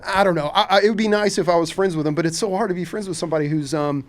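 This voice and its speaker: A Kentucky fishing captain with a high-sitting voice fires off words rapidly in a laid-back podcast interview. He's blunt and open, claims to have no filter, and wanders as he talks, repeating "man" and "you know."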